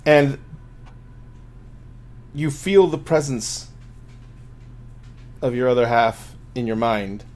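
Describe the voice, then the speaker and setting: A man's voice: mid-range voice, slow, long pauses, a little mellow. A man running a tabletop game as game master, narrating loosely with many fillers and restarts.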